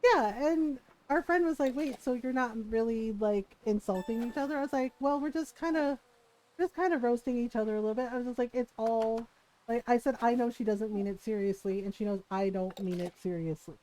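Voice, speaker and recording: A woman's voice: a little high, fairly quick, warm tone, low-quality recording. A middle-aged woman streamer in casual chat, telling a story with frequent laughter. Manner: chatty storytelling, laughs often.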